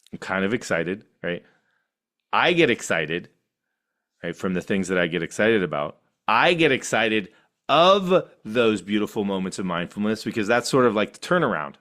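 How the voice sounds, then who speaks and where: Animated man teaching meditation. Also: on the low side, moderate pace, long pauses. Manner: animated, laughing often, with playful asides.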